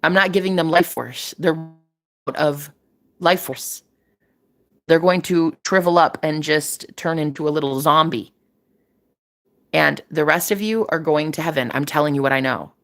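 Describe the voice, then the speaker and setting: A deep-voiced spiritual reader talks at a moderate pace, pausing often, in casual vlog-style talk. Emphatic and sermonizing, she repeats phrases for effect and drops casual swear words.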